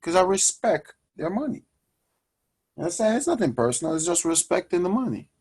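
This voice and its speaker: A man hosting a personal finance show, talking to his audience in an energetic, preachy way and calling them guys. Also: high-pitched, brisk, husky. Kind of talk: energetic motivational money talk.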